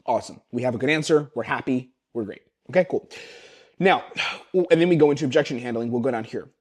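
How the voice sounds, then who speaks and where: Fast-talking sales coach man on webcam. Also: medium pitch, breathy edge. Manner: fast, energetic, acts out closer lines. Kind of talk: teaching sales scripts with role-play.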